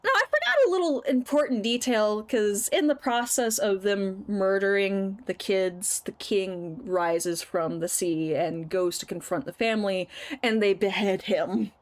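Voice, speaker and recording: A woman streamer retelling a story in casual chat while she plays a game, acting out the quoted lines with big jumps in pitch. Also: measured pace, poor audio.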